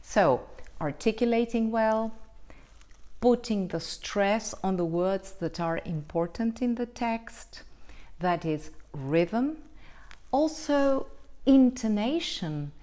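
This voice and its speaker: A woman teaching English pronunciation in an online lesson, explaining slowly and deliberately and checking in often with the learner. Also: medium pitch, animated, mellow. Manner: slow, deliberate, explanatory with frequent checks like "right?".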